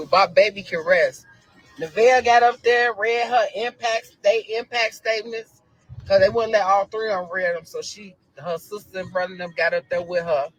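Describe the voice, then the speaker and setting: A woman's voice: mid-range voice, fairly even intonation, moderate pace, no room sound, soft background music, poor audio. A middle-aged woman with a Chicago accent, a grieving mother talking emotionally on a livestream and repeating phrases over and over. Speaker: victim's mother.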